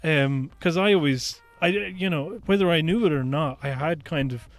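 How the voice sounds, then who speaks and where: A man's voice: fairly high pitch, moderate pace, no room sound. A man co-hosting a podcast, telling stories in an earnest, reflective way with lots of "like" and "you know". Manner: earnest, reflective storytelling with many fillers. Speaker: podcast co-host. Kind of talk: casual chat.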